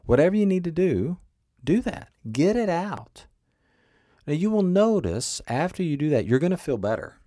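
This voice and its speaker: A man's voice: fairly high pitch, big pitch swings, normal speed, warm tone, no room sound, studio quality. A man giving an earnest coaching lesson, repeating key points and asking the listener questions. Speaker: teacher. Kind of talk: coaching talk on emotional regulation.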